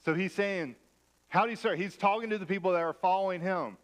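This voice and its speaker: Pastor guy preaching in church, chatty and self-deprecating with a bit of a higher voice, tells stories, jokes at his own expense. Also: brisk. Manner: conversational, self-deprecating humor. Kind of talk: sermon with personal storytelling.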